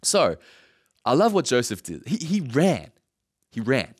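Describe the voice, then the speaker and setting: Lively, animated male preacher. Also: medium pitch, a little slow, husky. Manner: lively storytelling with laughs and asides. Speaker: pastor. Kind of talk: sermon.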